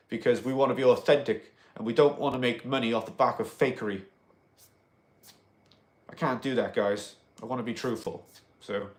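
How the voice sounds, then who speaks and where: A man hosting a casual livestream, rambling with many fillers and greeting viewers by name. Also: medium pitch. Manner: rambling, full of "you know" fillers. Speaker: livestream host.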